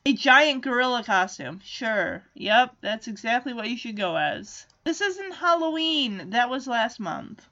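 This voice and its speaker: A woman with a high, bright voice talks through a cartoon episode in casual recap style. She is sarcastic and animated and keeps dropping into quick character voices. The recording sounds a bit dull and lo-fi. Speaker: cartoon reviewer.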